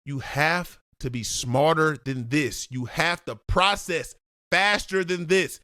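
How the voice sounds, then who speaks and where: A man's voice: a little high, slow, bright, forceful tone, dry recording, clean studio sound. Blunt football film breakdown man. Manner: blunt, lecturing, addresses the player directly.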